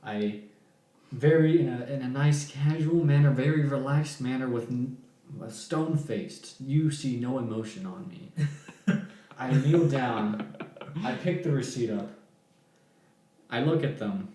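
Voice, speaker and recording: A young man telling a work story on a podcast, animated and laughing, then dropping to deadpan. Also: mid-range voice, unhurried, pauses often. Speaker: podcast guest. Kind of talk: casual storytelling. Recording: echoey room.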